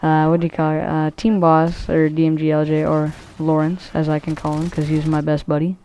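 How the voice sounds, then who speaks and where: A woman with a low, mellow voice talks loosely over her gameplay footage. She rambles in a casual commentary style, swearing freely and filling gaps with ums, likes and restarts. The low pitch and soft, dark tone stay steady throughout. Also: brisk, a little hiss or hum. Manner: rambling, profane, many fillers and restarts.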